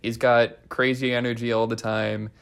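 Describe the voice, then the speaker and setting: Playful young man with gravelly voice. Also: medium pitch, moderate pace. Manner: playful, animated, thinks out loud. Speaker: podcast co-host, resident assistant. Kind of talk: casual chat.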